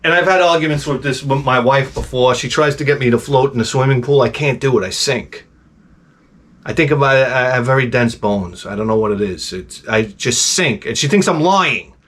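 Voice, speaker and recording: A man telling a personal story in a casual, rambling, animated way, with swearing and restarts. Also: mid-range voice, normal speed. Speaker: host.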